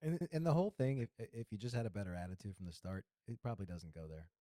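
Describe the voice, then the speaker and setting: A man's voice: on the low side, sing-song, fast talker, dark tone, dry recording, studio quality. A man co-hosting a podcast in a casual chat, blunt and profane. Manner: blunt and profane, talks over the other host. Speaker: podcast co-host.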